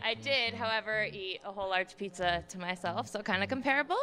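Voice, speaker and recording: A woman's voice: mid-range voice, a little fast, bright, forceful tone, soft background music. A woman in her thirties doing a self-deprecating stand-up set about her kids at a live comedy show, with lots of ums. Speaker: stand-up comic. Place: live comedy club stage.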